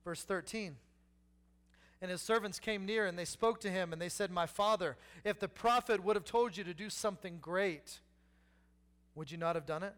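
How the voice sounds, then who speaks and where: A man's voice: sits high, normal speed, a bit bright. A man, preaching a sermon with humor, repeating key lines and acting out people in the story. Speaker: pastor.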